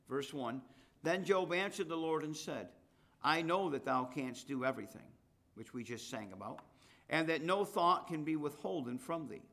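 A man preaching a sermon, reading scripture aloud and rising in pitch and force at the high points. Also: fairly bright tone.

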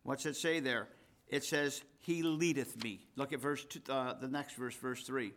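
A man's voice: mid-range voice, measured pace, a bit bright. A man, the pastor, preaching a sermon in a conversational way and reading scripture with rising emphasis.

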